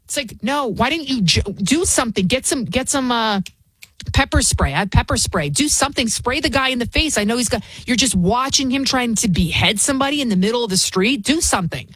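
A woman's voice: on the high side, expressive, a little fast, a bit bright, breathy edge, no echo. A woman filling in as a talk radio host, ranting in a combative, mocking way with frequent restarts. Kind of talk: opinionated talk radio rant.

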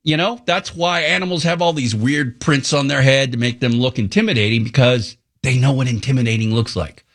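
A middle-aged man, a radio co-host, chatting casually and telling lively stories that he laughs his way through. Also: mid-range voice, brisk, hardly any pauses. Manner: animated storyteller, laughs through his anecdotes.

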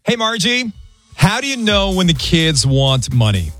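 A man's voice: high-pitched, big pitch swings, a little slow, fairly bright tone, faint music behind. A man hosting a morning radio show, chatting casually with a caller and telling jokey stories in an upbeat way.

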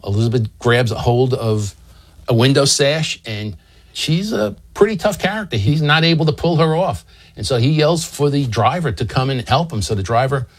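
Man telling a history story. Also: mid-range voice. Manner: relaxed, explanatory, with small asides and restarts.

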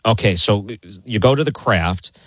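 A low-voiced man hosts an interview in a dry studio sound. He asks steady, probing questions and recaps the guest's story back to him. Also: moderate pace, no echo. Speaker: interview host.

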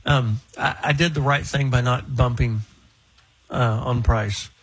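Chatty male radio host, a bit husky. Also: medium pitch, steady tone, a little slow, poor audio. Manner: chatty, laughing, teasing. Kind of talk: casual radio talk.

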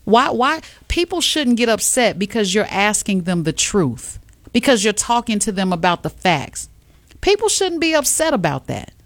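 A woman hosts an afternoon radio show, chatting with a co-host in an animated, emphatic way. Her voice sits at a middle pitch. It is recorded dry and close, with no room sound. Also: normal speed, no room sound. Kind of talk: casual radio chat.

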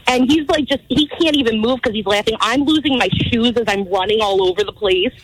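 A woman's voice: a little high, fairly quick, no room sound, rough recording. A woman calling in to a radio show, telling a story in a bubbly, self-mocking way. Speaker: caller. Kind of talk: phone-in radio chat.

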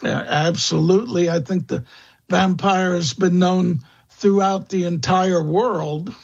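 A man speaking as a guest expert in an interview, slow and halting, with many fillers and restarts. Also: sits high, steady tone, vocal fry, slightly rough, lo-fi sound. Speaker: guest expert on vampire lore. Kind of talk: interview answers.

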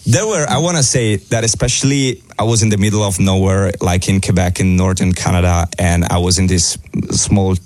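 Italian guy chatting on the radio, lowish voice, dry close sound, laughs a lot. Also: fairly quick, few pauses, dry recording. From Italy. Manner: animated, laughing easily. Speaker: radio guest. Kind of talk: casual chat.

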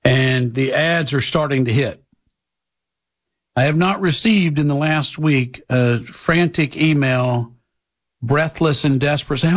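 A man hosting a political talk show, delivering a blunt, lecturing monologue to his listeners. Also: slow. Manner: blunt, lecturing, mocks people in high put-on voices.

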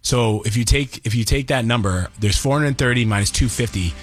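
A man chatting as a guest on a talk radio show, measured and agreeable as he walks through figures. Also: medium pitch, soft background music. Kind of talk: casual talk radio chat. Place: radio studio.

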